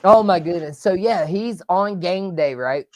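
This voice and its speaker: A man hosting a live sports talk show, energetic and rambling, with loud outbursts. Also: high-pitched, unhurried, no echo. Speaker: podcast host.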